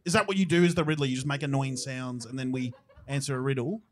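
A man's voice: mid-range voice, steady tone, quick pace. A man hosting a live comedy podcast, playful and laughing often. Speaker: podcast host.

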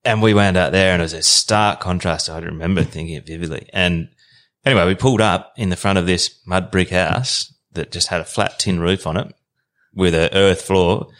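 Male podcast guest, low voice, easygoing rambling storyteller. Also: moderate pace, a bit bright.

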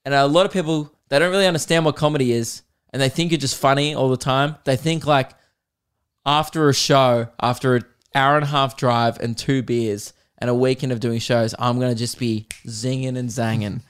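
Loose and talkative, a young Aussie comedy podcaster recounts a lengthy pub tale in a clean, medium-pitched voice. He slips into quick impressions of the people involved, swears casually, and breaks into laughter mid-story.

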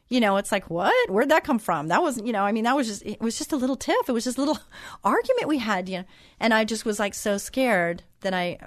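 A woman hosts a Christian talk show in a chatty, encouraging voice of middling pitch, drifting from advice into her own stories. She sounds close and dry on a studio mic, with no room sound around her. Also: dry recording. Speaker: host.

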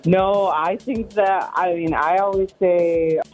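A woman's voice: fairly low pitch, fairly even intonation, slow pace, darkish tone, soft background music. A woman calling in to a radio show, answering in a plain, matter-of-fact way. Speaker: caller. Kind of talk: call-in radio chat.

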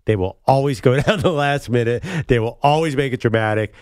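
A man's voice: medium pitch, fairly quick, a little mellow, smooth, no echo, clean studio sound. Jokey man on a sports chat show. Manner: jokey, laughs often. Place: studio.

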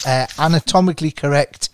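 A man's voice: fairly high pitch, a little fast, clean tone, no echo. A man hosting a podcast, chatting in rambling, giggly tangents. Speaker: podcast host. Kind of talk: casual chat.

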